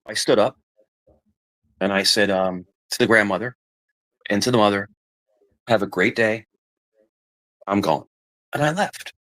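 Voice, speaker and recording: A man's voice: on the low side, measured pace, long pauses, fairly bright tone. A middle-aged man in casual chat, rambling and repeating himself as he tells family stories. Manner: rambling, repeats himself, acts out quoted voices. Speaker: podcast guest telling family stories.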